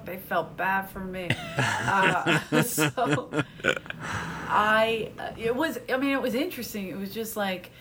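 A woman comedian, telling stories in casual chat, brash and profane, laughing often and dropping into quick impressions. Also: medium pitch, fairly bright tone, slight background noise. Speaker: comedian guest.

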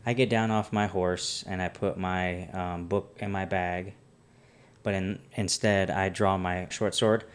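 A man's voice: low voice, little pitch movement, a little slow, clear, resonant tone. A man playing in a tabletop game, bold and decisive about his moves. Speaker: player. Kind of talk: casual tabletop play.

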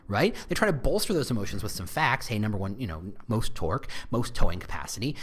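A man talking through marketing ideas in a casual, animated style, his pitch bouncing up and down freely. He corrects himself mid-sentence and drops in offhand asides. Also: quick pace, husky. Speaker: marketing and employer-brand speaker. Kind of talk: casual explanatory talk.

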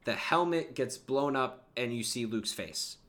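A man co-hosting a casual fan podcast, his voice bright and forward. He talks with eager enthusiasm, breaking into lines from the scenes as he retells them. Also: mid-range voice, lively intonation, unhurried. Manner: enthusiastic, acts out quotes from scenes. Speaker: podcast co-host.

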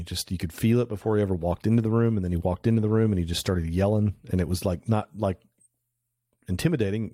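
A middle-aged photographer, a guest on a podcast, tells rambling anecdotes full of restarts in a casual interview. His voice is low with a dark tone. It's a remote call recording, yet it sounds dry and clean, like a studio.

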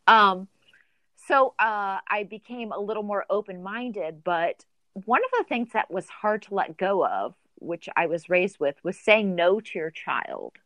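A woman's voice: medium pitch, lively intonation, unhurried, dry recording, lo-fi sound. A woman with teenage children hosting a casual interview, asking questions in a friendly, curious way. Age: adult with teenage children. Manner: friendly, curious, uses fillers. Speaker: interview host.

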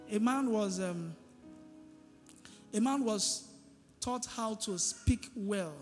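High-voiced pastor preaching in a hall. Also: male voice, expressive, slow, long pauses, darkish tone. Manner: call-and-response preaching, asking the congregation "what?". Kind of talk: sermon. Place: church hall. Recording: reverberant hall with music behind.

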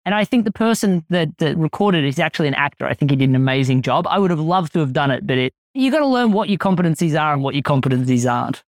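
A man with an Australian accent, chatting as a podcast guest in a relaxed, self-deprecating way. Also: on the high side, fast, hardly any pauses, no room sound, studio quality. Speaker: podcast guest, sales author. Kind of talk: casual interview chat.

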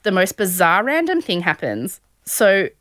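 A woman's voice: mid-range voice, big pitch swings, measured pace, fairly bright tone, no echo. A young woman recaps a show in casual podcast chat. She tells it with sarcastic asides and acts out the quotes as she goes. Her voice sits in a middle range, and it is recorded close and dry with no room sound. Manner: sarcastic storytelling, acting out quotes. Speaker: podcast host.

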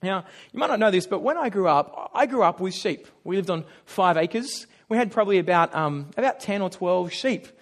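High-voiced pastor with animated storytelling. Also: male voice, normal speed, hardly any pauses. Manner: animated storytelling with self-deprecating humor; acts out little voices in his stories. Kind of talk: sermon.

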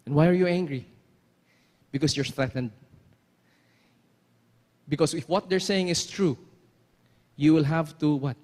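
A man's voice: fairly high pitch, measured pace, pauses often, a little mellow. A man preaching a sermon, emphatic, repeating phrases and asking rhetorical questions. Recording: long hall reverb.

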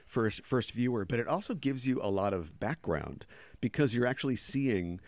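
A man's voice: mid-range voice, animated, moderate pace, a little mellow, no echo. A man hosting a casual podcast chat, talking at length and explaining background details. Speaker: podcast host.

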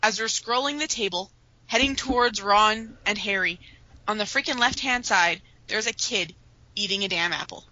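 A woman co-hosting a casual podcast, easygoing and animated when she tells a story. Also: medium pitch, moderate pace, dull audio. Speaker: podcast co-host. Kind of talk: casual fan podcast chat.

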